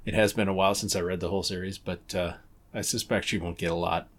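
A man in his forties hosts a comics podcast in a relaxed chat, laughing often and swearing occasionally. His voice is low-pitched and a bit bright, with a steady tone and a fast delivery.

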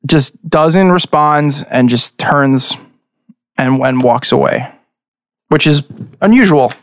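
A man running a tabletop game as game master, describing scenes with frequent pauses and restarts. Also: fairly high pitch. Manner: hesitant, with many restarts while describing scenes.

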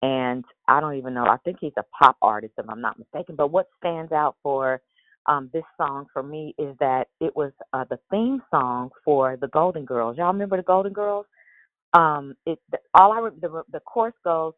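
Speaking at a moderate pace in a low morning voice, a woman hosts her daily prayer call casually. She rambles through the devotional talk, often restarting and using fillers. No room sound comes through, and the audio is narrow and tinny.

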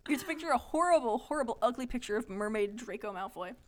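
A woman's voice: a little high, lively intonation, fast talker. A young woman co-hosting a podcast, reading her childhood story aloud in bursts, giggly and self-mocking. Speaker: podcast co-host.

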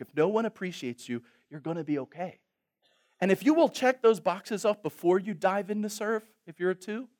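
A male pastor preaching a sermon with humor, moving between loud exhortation and quiet, reflective asides. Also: high-pitched.

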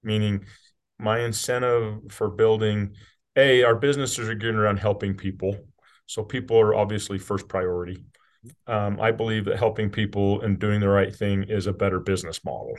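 A middle-aged man from rural Utah, a company CEO talking candidly as a podcast guest, blunt and casual, with the odd swear word. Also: fairly low pitch. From rural Utah, USA. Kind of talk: candid conversational interview.

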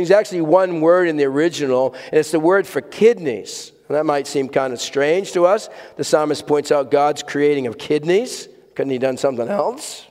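Male pastor, earnest sermon delivery, stresses and repeats words, slightly high voice. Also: a little mellow. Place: church sanctuary with congregation. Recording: long hall reverb.

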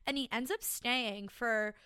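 Bright-voiced chatty young woman podcaster. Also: on the high side, unhurried, clear, resonant tone, no echo. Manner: chatty, fillers of "like", laughs between lines. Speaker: podcast co-host. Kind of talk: casual podcast chat and storytelling.

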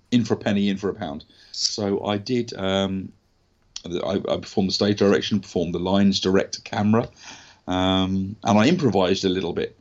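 एक अंग्रेज़ लहजे वाला पुरुष, थोड़ी नीची आवाज़ में कहानी सुनाता हुआ, धीमी लो-फ़ाई रिकॉर्डिंग।. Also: male voice, low voice, highs cut off. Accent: English. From England. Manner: animated anecdotal, frequent ums and self-corrections. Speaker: actor guest. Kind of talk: casual podcast storytelling.

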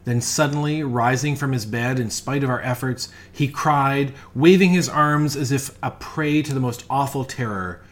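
A man giving a dramatic reading of a classic ghost story, measured and often dropping to a hush. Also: mid-range voice. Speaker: reader.

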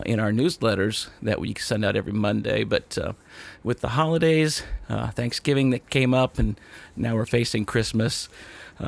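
A male podcast host speaks in a studio, still out of breath. His talk is loose and unscripted, full of fillers, restarts and trailing asides. His pitch sits mid-range. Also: vocal fry. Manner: rambling, with many fillers and restarts. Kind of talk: casual off-the-cuff podcast talk.

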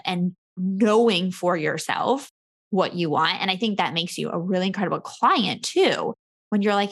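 A woman hosting a coaching podcast in casual conversation, upbeat and quick to laugh. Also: fairly low pitch, lively intonation, husky.

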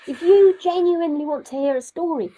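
Casting: woman storyteller, wry and lively, conversational, prone to tangents. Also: very high-pitched, a little fast, narrow, tinny audio. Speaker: storyteller guest. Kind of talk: conversational interview.

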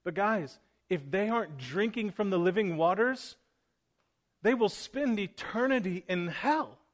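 A man's voice: high voice, lively intonation, measured pace. A man preaching a sermon to his congregation, earnest and plain-spoken as he urges them on. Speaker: pastor. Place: church room with congregation.

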